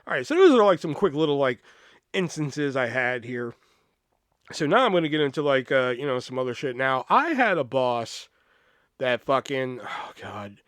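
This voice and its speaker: A man's voice: medium pitch, normal speed, dry recording, studio quality. A man hosting a podcast, telling work stories in a casual, profane way and acting out the people he quotes. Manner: profane, animated, acts out quoted voices. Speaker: podcast host. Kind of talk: casual storytelling.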